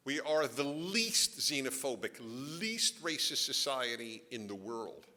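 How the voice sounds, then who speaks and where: A middle-aged man lectures a live audience in a large hall, his bright, forceful voice swinging widely in pitch. He jokes in asides and keeps firing rhetorical questions at the crowd. The sound carries a long reverb from the room. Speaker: author giving a talk.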